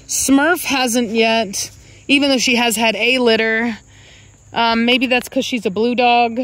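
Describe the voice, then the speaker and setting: A woman with a drawl talks casually to her viewers, pitched a little high. She rambles and corrects herself as she goes. Dogs can be heard around her. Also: fairly even intonation, slow pace, a bit bright, no echo. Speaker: dog breeder and channel host. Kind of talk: casual vlog talk to viewers.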